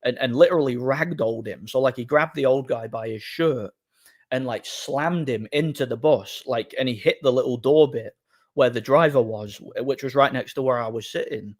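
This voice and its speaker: A man hosting a livestream, telling a rambling anecdote in an animated, casual way and acting out quoted dialogue. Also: mid-range voice, normal speed. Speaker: livestream host. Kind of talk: casual storytelling to a live audience.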